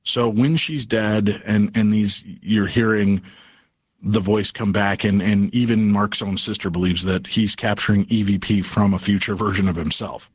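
Low husky male radio host. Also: steady tone, normal speed, dry recording, studio quality. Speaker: radio talk show host. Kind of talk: late-night radio talk show.

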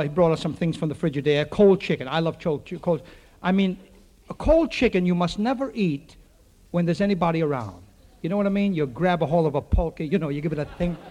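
A man telling a rambling comic story to a live audience, full of quick punchlines and asides to the crowd. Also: a little high, a little mellow.

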